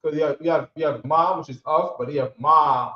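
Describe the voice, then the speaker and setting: A man teaching a language class in a relaxed, coaxing way, drilling words out loud and checking in with the students. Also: fairly high pitch, a little fast. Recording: echoey room, dull lo-fi sound.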